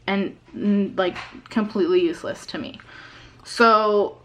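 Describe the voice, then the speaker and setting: A woman's voice: mid-range voice, steady tone, unhurried, slight background noise. A young woman in her twenties, ranting to camera in an unscripted vlog about a frustrating phone call. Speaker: vlogger.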